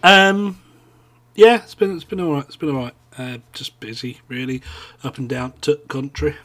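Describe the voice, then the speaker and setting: A man's voice: mid-range voice, expressive, normal speed, a bit bright. A man chatting on a podcast in a blunt, laid-back way, swearing casually as he talks about his week. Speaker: podcast co-host. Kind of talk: casual chat.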